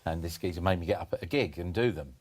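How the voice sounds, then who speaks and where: A man in his fifties telling stories on a podcast, animated, with many restarts and bursts of laughter. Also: deep voice, quick pace, slightly rough. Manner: animated anecdote-telling, jumps into comic voices for quoted people. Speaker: podcast guest, former performance poet. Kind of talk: casual storytelling chat.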